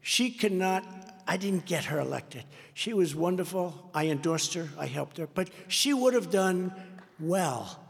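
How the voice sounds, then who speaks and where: Gravelly older man rallying a big hall. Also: high voice, lively intonation, unhurried. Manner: rambling, repetitive, boastful storytelling. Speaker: political candidate at a rally. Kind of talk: off-script campaign rally speech. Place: large indoor rally venue. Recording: long reverb from a large hall.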